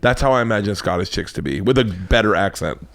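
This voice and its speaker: Excitable crude man hosting a podcast. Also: lowish voice, fast talker. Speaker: podcast host. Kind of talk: casual podcast chat. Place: podcast studio.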